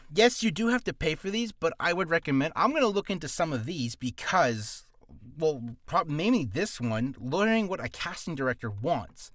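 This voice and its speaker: A man's voice: medium pitch, fairly bright tone, no room sound. Goofy rambling man, dry close mic. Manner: goofy, rambling, self-interrupting. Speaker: voice actor vlogger. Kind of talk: casual screen-share vlog.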